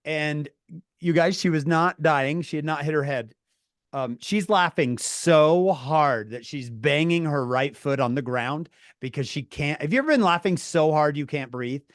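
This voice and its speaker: A man telling a story to his viewers, animated and laughing through his words, calling on chat by name. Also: fairly high pitch, dry recording, clean studio sound. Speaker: streamer talking to viewers. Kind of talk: casual storytelling.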